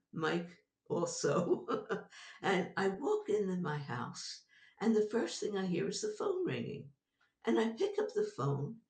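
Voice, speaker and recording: An older woman, a psychologist being interviewed, telling a personal story in an animated way and laughing often. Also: medium pitch, gravelly, echoey room, distant mic. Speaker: guest, psychologist.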